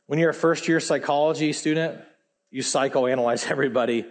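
Speaking briskly in a fairly high voice, a man in his forties delivers a sermon from a church stage. Between passages of scripture read aloud, he adds emphatic asides in a conversational tone.

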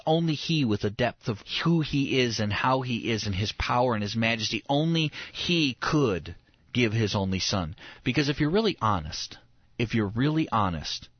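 A man's voice: mid-range voice, slightly rough, no echo, highs cut off. A man preaching on a radio talk show, earnest and emphatic, repeating his key words.

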